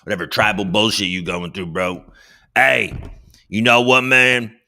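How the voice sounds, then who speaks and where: A man's voice: fairly low pitch, normal speed, vocal fry, bright, forceful tone. A man hosting a casual live stream, rambling and joking with lots of swearing, teasing his viewers and reading news headlines aloud. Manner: profane, rambling, self-mocking banter. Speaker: livestream host.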